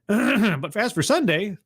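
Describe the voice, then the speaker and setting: A man hosting a casual livestream, chatty and sardonic, greeting viewers by name, his voice not quite warmed up yet. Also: sits high, sing-song, takes it slowly, slightly rough. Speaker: livestream host.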